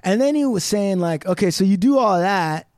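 A man's voice: high voice, animated, moderate pace, darkish tone, dry recording, studio quality. A man from the Pacific Northwest US, a podcast guest rambling in casual chat with lots of "like" and swearing. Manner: rambling, profane, full of "like".

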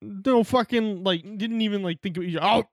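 A man co-hosting a casual film podcast, animated and jokey, slipping into quick voices when he tells bits. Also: sits high, no room sound, studio quality. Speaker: podcast co-host. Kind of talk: casual chat.

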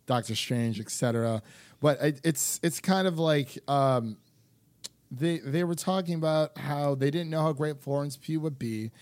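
A man co-hosting a podcast in casual chat, animated and full of fillers as he acts out quotes. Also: fairly high pitch, a little slow, no room sound. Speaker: podcast co-host.

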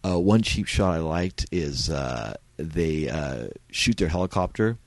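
A man's voice: rumbling low, animated, measured pace, vocal fry, dry recording. A man hosting a casual film-review podcast, talking in a laid-back, rambling way with lots of fillers. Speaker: podcast host.

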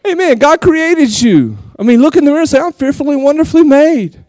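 Texan pastor guy, high voice, animated and jokey, dry close sound. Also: fast talker, dry recording. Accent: West Texas. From West Texas. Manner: animated, jokey, laughs often, acts out quotes. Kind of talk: lively sermon.

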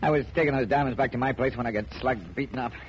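A man playing a beaten-up card sharp who stammers and pleads in slangy talk, in 1940s radio acting. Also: mid-range voice, rapid-fire, a little hiss or hum, natural voice. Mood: pleading. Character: battered male card sharp, nervous and pleading. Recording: muffled old radio broadcast.

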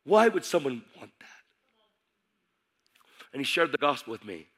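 A man's voice: medium pitch, big pitch swings, normal speed, fairly bright tone. A middle-aged man preaching his testimony as a sermon, telling his story intensely and acting out the dialogue.

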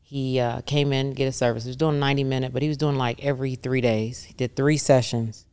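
A woman's voice: extremely low pitch, steady tone, fairly quick, a little mellow, smooth. A middle-aged woman, a massage therapist, talks casually in an interview and animatedly acts out the voices of the people she quotes.

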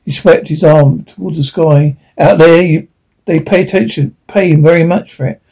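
A man's voice: a little high, steady tone, normal speed, creaky, mellow, husky. A man voicing a stubborn human planter on a frontier world, talking in a curt, commanding way. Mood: stern.

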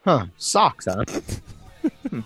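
A man's voice: medium pitch, sing-song, slow, a bit bright, husky. A man co-hosting a podcast in casual chat, teasing and playful. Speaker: podcast co-host.

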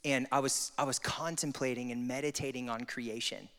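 A man preaching a sermon and praying, swinging from hushed, intimate prayer to loud, impassioned exhortation. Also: mid-range voice, fairly even intonation, normal speed. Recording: long hall reverb with music behind.

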